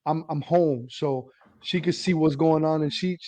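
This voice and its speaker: A middle-aged man, telling hobby stories in an animated, laughing casual chat. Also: on the high side, a little slow, no room sound. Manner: animated storytelling, laughs while talking. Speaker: radio hobbyist guest.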